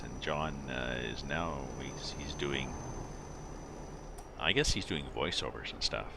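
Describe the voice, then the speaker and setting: This middle-aged streamer has a creaky bass voice and an unhurried delivery as he chats casually with live viewers. He rambles and thinks aloud with many fillers while his driving game's truck engine and road noise run beneath.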